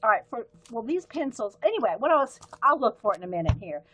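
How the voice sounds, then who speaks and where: Fast-talking and very animated, a woman with a bright, forceful, higher voice and a light Southern US accent runs a casual art livestream, demonstrating pens and markers as she rambles and gets sidetracked. The audio is dull, with a little hiss or hum.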